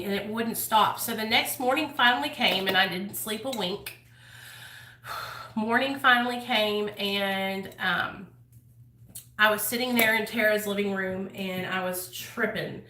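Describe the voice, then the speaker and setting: Brief: bright, higher-pitched woman vlogger, candid and foul-mouthed, echoey room, mic set back. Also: fairly even intonation, measured pace, distant mic. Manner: blunt, heavy swearing, lots of fillers. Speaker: channel host sharing her recovery story. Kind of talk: casual storytelling to camera.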